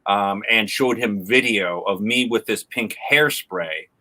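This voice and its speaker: A man's voice: lowish voice, sharp tone, low-quality recording. A man talking as a guest in a casual panel chat, full of restarts and fillers. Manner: halting, many restarts and fillers.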